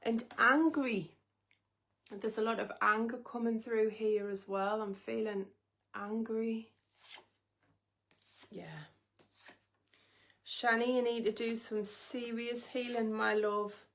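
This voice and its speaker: A woman's voice: fairly high pitch, fairly even intonation, takes it slowly, long pauses, a bit bright. Woman, live psychic reading, emotive, intimate, addresses the viewer directly. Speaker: psychic reader on a livestream.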